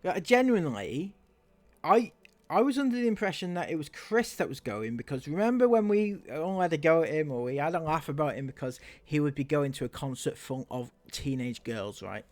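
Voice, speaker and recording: A man giving reaction commentary in a mocking, sarcastic tone. His voice sits somewhat high for a man. It swings widely up and down as he jeers. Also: expressive, fairly quick. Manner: mocking, sarcastic, laughs at the clips. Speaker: commentary YouTuber.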